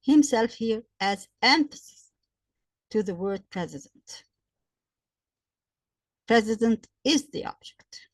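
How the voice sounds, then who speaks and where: A woman gives a grammar lesson with a fairly high voice. She works through example sentences slowly and repeats each point, and her voice sounds dry and close, with little room around it. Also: lively intonation, no echo. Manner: slow, repetitive explaining with examples. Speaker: English grammar teacher.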